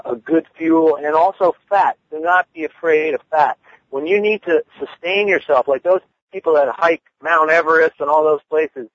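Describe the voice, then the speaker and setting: A man's voice: a little high, no room sound. A man chatting casually about cooking, rambling with lots of fillers. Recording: dull lo-fi dry sound.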